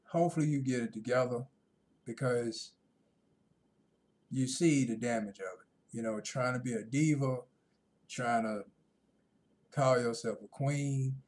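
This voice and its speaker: A man ranting in a casual vlog monologue, rambling and repeating himself, growing loud and animated when he retells conversations. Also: mid-range voice, unhurried, long pauses. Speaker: vlogger.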